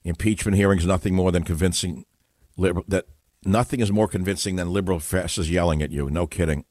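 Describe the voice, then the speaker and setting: A man's voice: steady tone, quick pace, no echo, studio quality. Combative older man hosting talk radio. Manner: combative, sarcastic, rising to loud bursts then dropping low. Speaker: radio talk show host.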